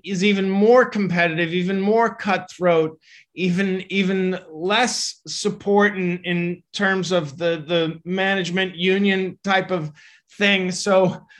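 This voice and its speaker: Guy with a high bright voice talking fast, lots of restarts. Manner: fast, halting, with many restarts. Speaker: comedian guest. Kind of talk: casual podcast chat.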